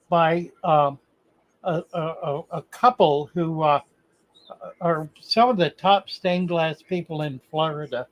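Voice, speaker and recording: An older man talks through fish-breeding tips in a relaxed, rambling livestream chat. His voice sits a little higher than most men's. He speaks in a folksy, easygoing way and drifts into asides. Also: poor audio. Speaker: livestream host, fishkeeping expert.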